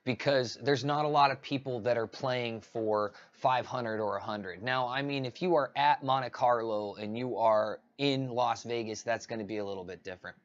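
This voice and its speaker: A man's voice: medium pitch, normal speed, few pauses, muffled recording. A man ranting casually on a livestream, rambling with many restarts. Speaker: live streamer.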